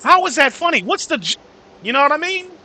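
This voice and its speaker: A man's voice: extremely high pitch, sing-song, brisk, sharp tone. A man hosting a casual livestream, ranting and chatting with viewers by name, cursing freely. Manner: swearing freely. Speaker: livestream host.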